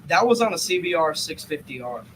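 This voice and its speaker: A man's voice: fairly high pitch, brisk, noisy background. A man telling a story in a loose, profane podcast chat, acting out both sides of the conversation. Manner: animated, profane, acts out quotes.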